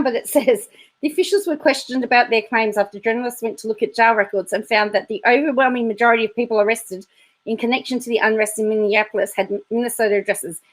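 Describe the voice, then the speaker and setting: A woman hosting a vlog, chatting casually and reacting to clips with laughs. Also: fairly high pitch. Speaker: vlog host. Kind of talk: casual commentary.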